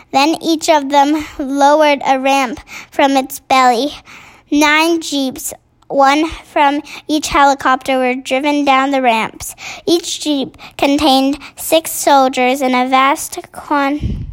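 Woman reading a storybook aloud, high voice, slow and halting. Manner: slow, halting, stumbles on words. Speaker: reader.

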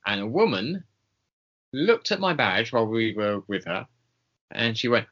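A man's voice: medium pitch, very animated, measured pace, long pauses, a bit bright. A man co-hosting a casual podcast chat, rambling with lots of ums and small laughs. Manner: rambling, hesitant with many ums, chuckling. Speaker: podcast co-host. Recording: dull lo-fi recording.

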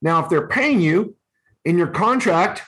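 A man's voice: sits high, lively intonation, a little slow, fairly bright tone, breathy edge. A man co-hosting a podcast in casual chat, blunt and profane, handing out advice. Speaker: podcast co-host.

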